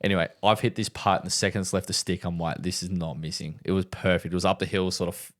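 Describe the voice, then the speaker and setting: A man's voice: low-pitched, steady tone, fast. Chatty guy telling a golf story. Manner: rambling storyteller, full of "right?" and "like", laughs hard at his own story. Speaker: podcast co-host. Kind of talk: casual chat.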